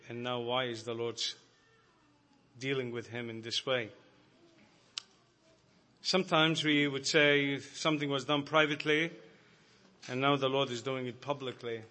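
A man's voice: medium pitch, pushed and bright. A man preaching a sermon to a congregation, earnest and growing emphatic.

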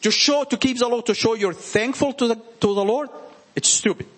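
A man with a French accent preaching informally to a small group, animated and emphatic, repeating his points. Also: extremely high pitch, normal speed.

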